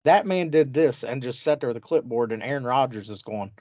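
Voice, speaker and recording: Male sports podcast host, mid-pitch, crude and mocking, dry, slightly muffled recording. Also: a little fast, no room sound. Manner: mocking, crude, animated storytelling. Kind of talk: profane sports banter.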